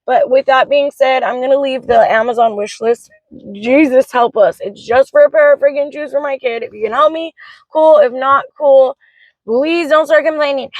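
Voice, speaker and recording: High-voiced woman venting frankly. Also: moderate pace, no echo, low-quality recording. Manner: vents in a frank, swearing rush. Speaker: vlogger, mother of three. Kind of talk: emotional vlog rant.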